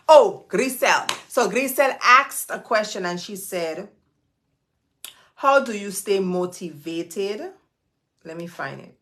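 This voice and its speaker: A woman's voice: mid-range voice, fairly bright tone. Woman hosting a chatty live Q&A. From Florida. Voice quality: creaky. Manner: chatty and direct, addresses viewers as y'all. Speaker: host of a live stream Q&A. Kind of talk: casual live stream Q&A.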